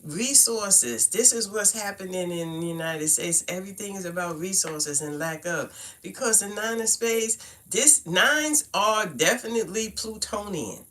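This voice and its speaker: Bright-voiced older Brooklyn woman. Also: mid-range voice. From Brooklyn, New York. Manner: chatty, talks straight to viewers with "y'all" and "fam". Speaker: card reader live-streaming. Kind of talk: casual live-stream card reading. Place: at home, indoors.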